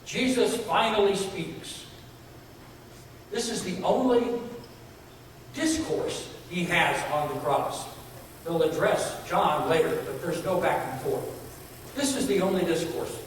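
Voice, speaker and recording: A man's voice: high voice, lively intonation, slow, pauses often, a little hiss or hum. A man preaching a sermon in a church, earnest, building emphasis with repeated phrases. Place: church sanctuary. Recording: echoey hall from far off.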